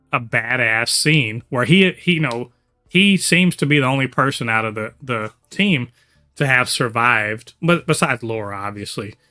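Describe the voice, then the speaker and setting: A man's voice: medium pitch, sharp tone. A man hosting a casual podcast chat, talking enthusiastically and rambling with lots of fillers. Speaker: podcast host.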